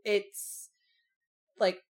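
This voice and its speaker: A young woman co-hosting a casual book discussion podcast, speaking reflectively and candidly with drawn-out phrasing.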